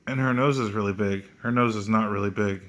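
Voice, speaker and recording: A man's voice: on the low side, steady tone, a little fast, a bit bright. A man reviewing a comic book in a mocking, sneering way, swearing often and restarting his sentences.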